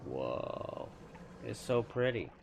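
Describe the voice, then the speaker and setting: A man's voice: fairly low pitch, very animated, drawn-out words, vocal fry, background noise. Chatty, playful man streaming a game. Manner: chatty, playful, self-correcting asides. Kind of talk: casual gameplay commentary.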